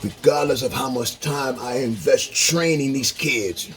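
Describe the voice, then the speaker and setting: A man vlogging a profane, heated rant, dropping to low mutters and jumping to high-pitched outbursts. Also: unhurried, soft background music. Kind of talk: profane ranting monologue. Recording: noisy, running water tap behind.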